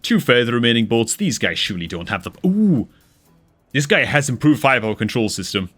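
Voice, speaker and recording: A man at a desk mic casts a strategy game replay in a mid-pitched voice, excitable and quick to exclaim. He keeps calling his listeners dude and man as he reacts to the action. Faint music plays beneath his voice. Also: slightly rough. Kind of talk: excitable gameplay commentary.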